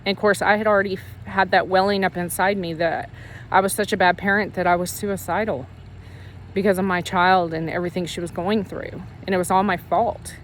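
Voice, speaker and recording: A woman's voice: fairly low pitch, fairly even intonation, fairly quick, a little hiss or hum. A woman sharing a personal faith testimony in casual, earnest storytelling, emotional and rambling with frequent restarts. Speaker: Christian ministry leader sharing her testimony.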